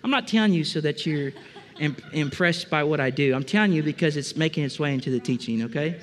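Male pastor, fairly high voice, chatty sermon full of jokes and questions to the room. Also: fast. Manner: chatty, joking, asks the congregation questions. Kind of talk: conversational sermon. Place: church service before a congregation.

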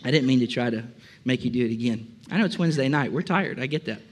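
A man's voice: mid-range voice, fast. A man preaching a conversational sermon to a congregation, joking and asking them questions. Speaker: pastor. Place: church service before a congregation.

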